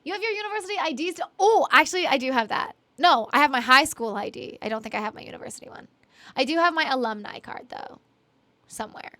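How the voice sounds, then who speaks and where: A young woman from Canada talks to her live-stream viewers in a high, bright voice. She laughs often, apologizes a lot and fills her sentences with ums and likes. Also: animated, fast. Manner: chatty, giggly, apologetic, lots of fillers. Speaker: streamer and singer-songwriter. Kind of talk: casual live-stream chat reading viewer comments.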